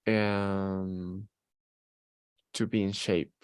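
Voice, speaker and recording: Slow, smooth-voiced male language student. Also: sits low, level tone, no echo. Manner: hesitant, searches for words with many fillers.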